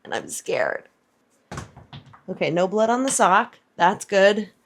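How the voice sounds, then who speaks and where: A woman's voice: mid-range voice, sing-song, slow, slight background noise. A woman vlogging about her running, talking candidly and chattily with lots of "like", worn out after a hard run and filming outdoors. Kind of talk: casual vlog chat.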